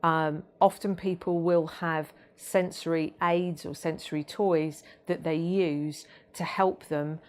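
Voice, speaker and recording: Low-voiced woman explaining patiently. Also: steady tone, darkish tone. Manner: measured, with frequent ums and restarts. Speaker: autism awareness trainer. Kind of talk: explanatory training talk.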